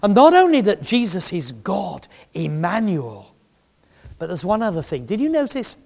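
A man's voice: high voice, wildly swooping pitch, normal speed, gravelly, darkish tone. A middle-aged man preaching a sermon, telling a story with emphasis and humor. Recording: long reverb in a large hall.

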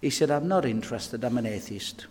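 Preacher in a reverberant hall. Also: male voice, medium pitch, expressive, fairly quick, darkish tone, slightly rough. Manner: earnest, humorous anecdotes, addresses folks directly. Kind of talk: sermon with storytelling. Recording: long reverb of a church hall.

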